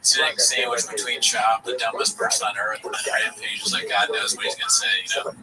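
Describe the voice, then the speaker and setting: A man's voice: medium pitch, steady tone, brisk, distant mic, over a noisy crowd. A man co-hosting a podcast, chatting casually and making wry, joking comments on clips. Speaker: podcast co-host. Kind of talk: casual chat reacting to clips.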